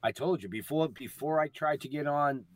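A man co-hosting a podcast on a headset, animated and profane, speeding up as he rants. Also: a little high. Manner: animated, profane, fast when ranting. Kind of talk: casual chat.

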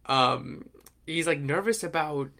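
A young man with a slightly higher-pitched voice chats casually as a podcast co-host. He rambles along with many fillers, animated and loose. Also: slow, gravelly. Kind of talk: casual chat.

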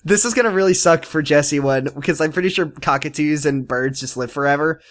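A young man co-hosting a casual recap podcast, jokey and quick to break into laughter. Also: fairly high pitch, fairly bright tone. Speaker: podcast co-host.

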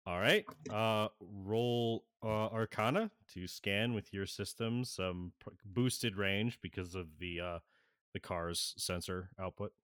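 A man running a tabletop game as game master, narrating in a halting way with many fillers and frequent laughs. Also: fairly low pitch, fairly bright tone, smooth, dry recording, studio quality.

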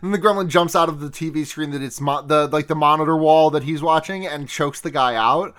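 A woman's voice: sits low, fairly quick. A young woman co-hosting a podcast in casual chat, laughing hard through her sentences. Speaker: podcast co-host.

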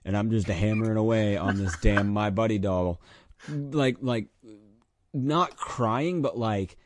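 Lively storytelling man with a low voice. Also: a little slow, slight background noise. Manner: animated storyteller, acts out his younger self in loud high bursts. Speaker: podcast co-host telling a childhood story. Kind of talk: casual chat.

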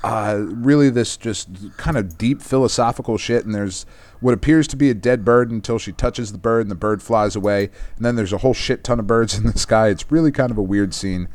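A man's voice: fairly low pitch, brisk, darkish tone, no room sound. A man from Texas, a podcast host casually recapping a comic book in a loose, profane, rambling way. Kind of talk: casual chat.

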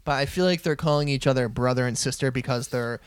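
A man's voice: medium pitch, quick pace, smooth, no room sound, studio quality. A man co-hosting a casual podcast chat, cracking crude jokes playfully. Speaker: podcast co-host.

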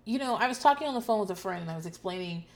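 A woman host talking casually and loudly about a show, profane and animated, acting out people's lines in shouts. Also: mid-range voice, racing. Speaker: podcast host recapping a TV show. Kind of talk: casual chat.

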